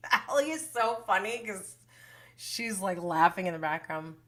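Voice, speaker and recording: A woman's voice: mid-range voice, measured pace. A woman hosting a casual livestream recap, chatty and gossipy, swearing and laughing a lot as she talks. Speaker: show recap host.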